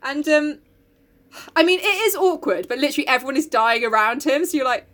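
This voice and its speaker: A woman's voice: high-pitched, lively intonation, a little fast, a bit bright. A woman co-hosting a casual chat, retelling a play in an irreverent, sweary, giggly way.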